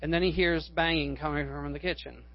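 A man's voice: fairly high pitch, fairly even intonation, a little fast. A male pastor preaching a sermon, a rambling storyteller who corrects himself and rises to fervent appeals. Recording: dull lo-fi recording.

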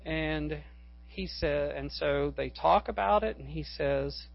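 A man's voice: fairly high pitch, takes it slowly, creaky. A male pastor preaching a sermon, a rambling storyteller who corrects himself and rises to fervent appeals. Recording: dull lo-fi recording.

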